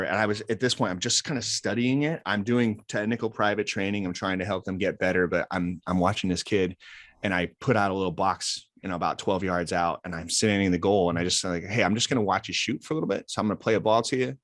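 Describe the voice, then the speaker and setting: A man's voice: low-pitched, fast, no room sound, clean studio sound. A man, a life coach telling stories in a casual interview and acting out the dialogue. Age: 40s. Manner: animated storyteller acting out quoted dialogue. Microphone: close podcast mic.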